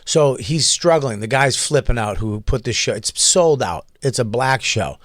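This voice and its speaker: A man's voice: mid-range voice, expressive, moderate pace, no echo, clean studio sound. A man who works as a comedian, telling road stories on a casual talk show and acting out other people's lines as he goes. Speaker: comedian co-host. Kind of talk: casual storytelling chat.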